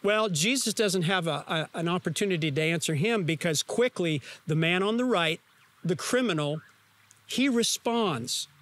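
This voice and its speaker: Pastor guy with a high voice, preaching, telling the story vivid and punchy, asks the crowd stuff. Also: expressive, normal speed, a bit bright. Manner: vivid storytelling, emphatic, asks the listeners questions. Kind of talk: sermon.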